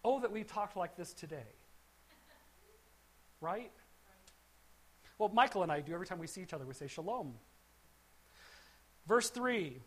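A woman's voice: fairly low pitch, expressive, normal speed, long pauses. Conversational woman teaching scripture. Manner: conversational, with frequent restarts and asides. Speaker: Bible teacher. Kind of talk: verse-by-verse Bible teaching.

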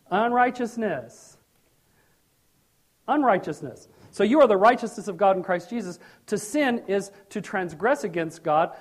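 A middle-aged pastor preaches a sermon in a high-sitting voice, animated and joking, breaking into sudden loud bursts.

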